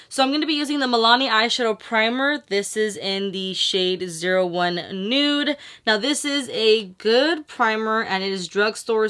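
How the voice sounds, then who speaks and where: A woman's voice: mid-range voice, bright, forceful tone. A woman beauty vlogger talking casually through a makeup tutorial, chatty and rambling, with lots of slang and swearing.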